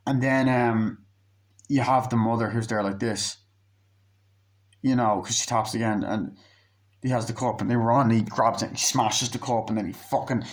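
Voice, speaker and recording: A man's voice: medium pitch, fairly even intonation, normal speed. A man casually recapping a film's plot as a movie reviewer, rambling and swearing freely, with lots of "like" and quoted lines. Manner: profane, rambling retelling full of "like" and acted quotes.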